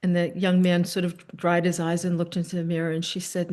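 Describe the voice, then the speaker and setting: Middle-aged woman host, storytelling over a video call, animated, chatty. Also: fairly low pitch. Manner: animated storyteller, quick asides, soft fillers. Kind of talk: casual storytelling chat.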